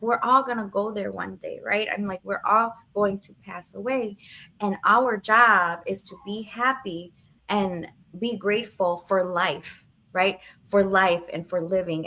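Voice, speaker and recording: A woman in her thirties chatting on a podcast with a bright, forceful voice. She tells stories in an animated way and acts out the dialogue. Her pitch sits in the middle for a woman. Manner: animated storytelling with quoted dialogue and laughs. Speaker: podcast co-host. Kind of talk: casual podcast chat.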